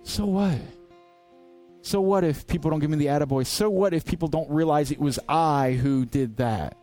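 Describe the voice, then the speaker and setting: A man's voice: fairly high pitch, moderate pace, a little mellow, soft background music. A man preaching a sermon as pastor, earnest and direct, driving points home with rhetorical questions.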